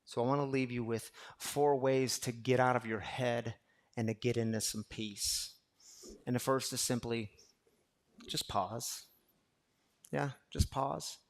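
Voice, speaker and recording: A man's voice: mid-range voice, creaky. A man preaching a sermon to a live congregation, calling them y'all and acting out a talk with his own fear. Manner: acts out inner dialogue with fear. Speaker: pastor. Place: room with a live audience.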